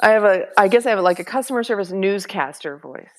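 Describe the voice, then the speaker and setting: A woman's voice: medium pitch, lively intonation, fast. A woman guest in a casual live-stream chat who talks emphatically, often exclaiming her agreement.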